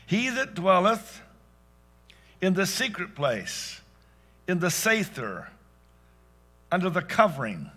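A male pastor delivers a sermon in a bright, somewhat high voice. He speaks slowly and deliberately, drawing words out. His delivery swings between loud exclamations and hushed asides. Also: very animated. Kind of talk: preaching a sermon.

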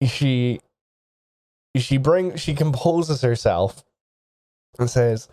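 A man narrating a tabletop game as game master who speaks haltingly, with frequent restarts. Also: mid-range voice, lively intonation, mellow.

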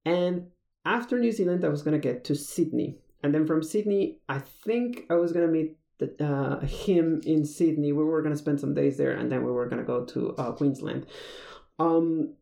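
Gravelly rambling storyteller. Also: medium pitch, moderate pace, warm tone. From Mexico. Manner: rambling, many fillers and restarts. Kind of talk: casual personal storytelling. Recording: roomy echo.

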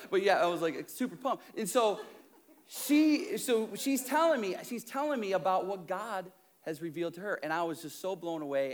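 A middle-aged male pastor telling a story in a sermon, conversational and animated, acting out what people said. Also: sits high, moderate pace. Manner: animated, conversational, acts out quotes.

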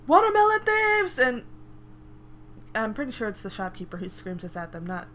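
A woman's voice: on the low side, quick pace. A young woman co-hosting a podcast, playfully recapping a manga with frequent laughs. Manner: playful, laughs often, shouts out character lines. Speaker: podcast co-host. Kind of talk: casual chat recapping a manga.

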